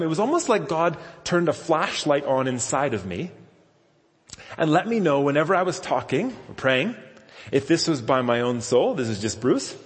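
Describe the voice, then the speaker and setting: A man giving a conversational sermon with self-deprecating storytelling. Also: mid-range voice. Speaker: pastor. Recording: long reverb of a large hall.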